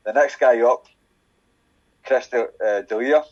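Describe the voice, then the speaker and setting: A Scottish man telling a sweary, animated story in casual chat on a podcast and acting out the voices of the people in it. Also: medium pitch, unhurried, dull audio. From Scotland. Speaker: podcast guest.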